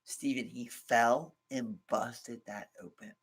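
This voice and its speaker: A man's voice: mid-range voice, takes it slowly, slightly rough. A man with a Baltimore accent, co-hosting a casual podcast chat, telling stories in slang and acting out the people in them. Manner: animated storyteller, slangy, acts out quotes. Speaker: podcast co-host.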